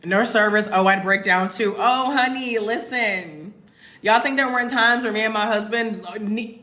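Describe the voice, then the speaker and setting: Chatty American woman, bright voice. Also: medium pitch. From United States. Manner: chatty, emphatic, addresses viewers as y'all. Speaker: expat content creator. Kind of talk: casual livestream chat. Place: home in Mexico. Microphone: phone.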